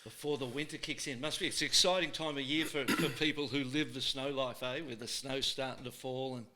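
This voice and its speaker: A middle-aged Australian man hosting a podcast in a studio, telling stories in a lively, casual way and often laughing. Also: medium pitch, fairly quick. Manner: lively yarn-spinner, laughs often, acts out voices in his stories. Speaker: podcast host. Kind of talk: casual storytelling chat.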